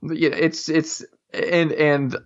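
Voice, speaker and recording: A man's voice: on the high side, level tone, slow. A man telling long casual stories in a rambling way, with many restarts and casual swearing. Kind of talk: casual storytelling chat. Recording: dull lo-fi audio.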